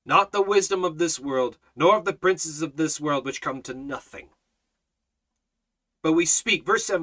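A man's voice: fairly high pitch, a little slow, fairly bright tone. A man giving an earnest Bible study talk, telling a personal testimony and stammering into repeated words when he gets emotional. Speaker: Bible teacher and street evangelist.

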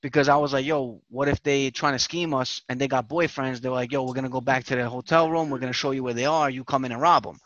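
A man's voice: mid-range voice, steady tone, quick pace, hardly any pauses, fairly bright tone, dry recording, highs cut off. A man telling a story with animation on a casual podcast chat, swearing and repeating himself. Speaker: podcast host.

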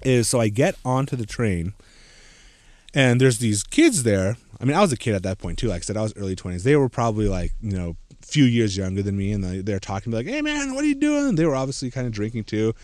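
A man's voice: on the low side, lively intonation, fast, darkish tone, no room sound. An American man in his thirties, a podcast host, tells a story in casual chat, acting out quoted voices with many "like" fillers. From United States. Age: 30s.

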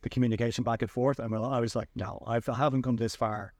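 A man hosting a podcast and telling a story in a chatty, animated way with lots of restarts. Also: mid-range voice, fast talker, dry recording, clean studio sound. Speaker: podcast host. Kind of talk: casual storytelling chat.

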